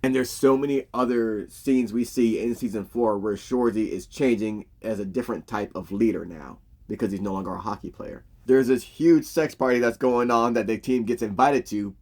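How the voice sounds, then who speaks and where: A man casually recapping a TV series, telling it in an animated, profane storytelling way. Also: on the low side, normal speed, few pauses. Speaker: show reviewer.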